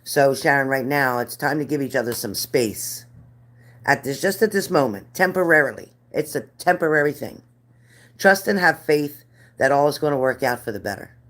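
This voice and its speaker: A woman's voice: very deep voice, lively intonation, moderate pace, a bit bright. A middle-aged woman reading spirit cards live for viewers, chatty and earnest, repeating their names. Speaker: card reader.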